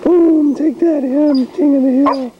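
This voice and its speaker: A man voicing a cocky male farm cat in a squeaky falsetto, recorded outdoors on a camcorder. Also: fairly even intonation, a little slow, dull audio, background noise. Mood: teasing, boastful. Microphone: handheld camcorder mic.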